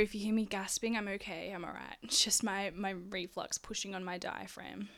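A woman's voice: medium pitch, fairly even intonation, normal speed, a bit bright. A woman hosting a casual solo podcast, chatty and frank, swearing freely and out of breath. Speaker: podcast host.

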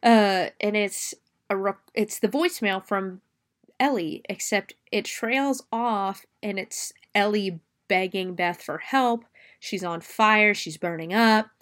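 A woman's voice: mid-range voice, takes it slowly, a bit bright. Chatty, foul-mouthed woman reviewer. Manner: chatty, swears freely, retells scenes step by step. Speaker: movie reviewer. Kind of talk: casual spoken movie recap.

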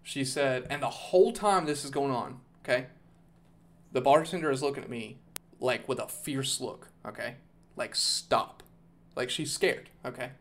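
A man's voice: mid-range voice, normal speed. A man hosting a podcast, casually telling a long story, rambling and swearing, with "okay?" and "dude" thrown in. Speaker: podcast host.

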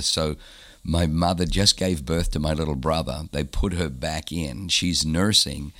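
A man being interviewed, telling a personal story in an animated way and repeating phrases for emphasis. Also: extremely low pitch, unhurried, hardly any pauses. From born in Germany, raised in Australia. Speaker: guest, pastor.

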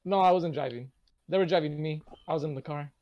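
Higher-voiced young man telling rambling stories. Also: fast, mellow, no echo, lo-fi sound. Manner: rambling storyteller, swears a lot. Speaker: podcast co-host. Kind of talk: casual podcast chat.

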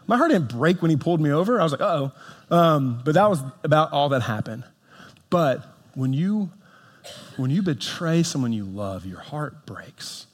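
A man preaching a sermon as pastor, mixing casual asides with scripture reading. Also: a little high. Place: church sanctuary. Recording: long hall reverb.

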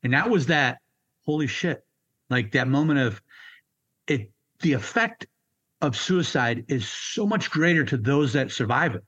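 A man in his fifties, a military veteran being interviewed, telling his story in a raw, halting way and swearing freely. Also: mid-range voice, very animated, a bit bright. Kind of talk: candid personal storytelling.

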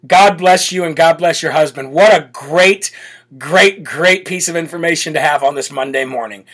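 A brash American man hosts a live political talk show in a fairly high voice. He reads out supporters' messages, leads prayer, and breaks into laughing chants. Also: moderate pace, a bit bright.

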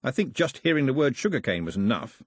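A man's voice: medium pitch, big pitch swings, quick pace, husky, dry recording, clean studio sound. A man doing a blunt, doubtful young islander. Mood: sceptical.

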